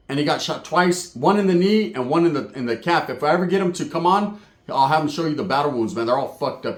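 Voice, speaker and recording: Profane, animated male storyteller in echoey room. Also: on the high side. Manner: profane, animated, mixes in Spanish words. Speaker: storyteller host. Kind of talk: crude comic storytelling.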